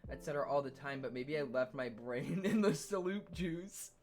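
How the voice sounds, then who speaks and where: A young man streaming, telling a story in casual chat, animated and laughing often, swearing freely. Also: a little high, normal speed, faint music behind.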